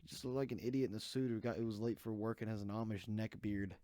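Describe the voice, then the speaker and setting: Speaking into a desk mic in a small room, a young male podcast host goes on a casual solo rant, sarcastic and rambling from tangent to tangent. He talks fast in a lowish, dark voice with fairly even intonation, and the recording is dry, studio-quality.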